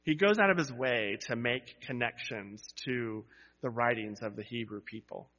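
The congregation hears a male pastor speaking at a moderate pace in a medium-pitched, fairly bright voice, building to emphatic repeated cries and slipping into chatty asides. Recorded in the church sanctuary, the sound is dull with a long reverb tail.

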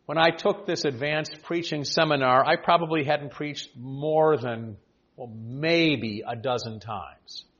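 An older male pastor in his sixties speaks to his congregation with a slightly raised pitch, measured and earnest, with dry touches of gentle humor. The sound is muffled and lo-fi, like an old church recording. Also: slightly rough. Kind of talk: reading a prepared farewell address to a congregation.

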